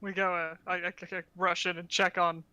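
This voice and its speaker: A man's voice: high voice, flat delivery, a little fast, pushed and bright, clear, resonant tone. A man playing a tabletop game, joking and laughing often. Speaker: player. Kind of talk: casual game chat.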